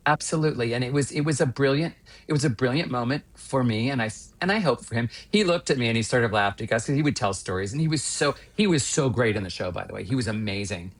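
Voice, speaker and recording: A man's voice: medium pitch, fast talker. Man in his fifties telling stage stories. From Western Pennsylvania. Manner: animated, winding anecdotes. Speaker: guest, stage actor. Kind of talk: casual interview storytelling.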